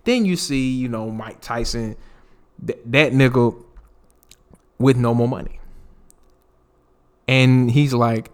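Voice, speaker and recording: A man's voice: mid-range voice, slow pace, long pauses, clean tone. A man hosting a solo podcast in casual, profane chat, laughing often and slipping into impressions of celebrities as he tells stories. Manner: animated, laughing, profane, mimics celebrities mid-story. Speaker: podcast host. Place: home recording space.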